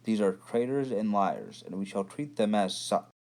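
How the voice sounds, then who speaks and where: A man's voice: on the low side, lively intonation, normal speed, a little mellow. A man voicing a cold, commanding female captain in armor, speaking in a clipped, formal way.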